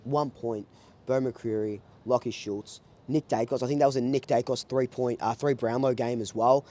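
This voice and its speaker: Passionate Australian man with a mellow voice. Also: mid-range voice, steady tone, moderate pace. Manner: passionate, rambling, with many restarts and repeats. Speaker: football fan channel host. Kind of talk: casual match review vlog.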